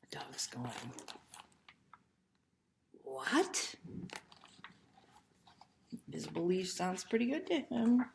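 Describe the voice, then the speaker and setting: A woman librarian reads a picture book aloud to young children at an unhurried pace. Her voice is gentle and soft-spoken, often sinking to a hushed near-whisper. She keeps turning to the children with questions. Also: medium pitch, gravelly, background noise.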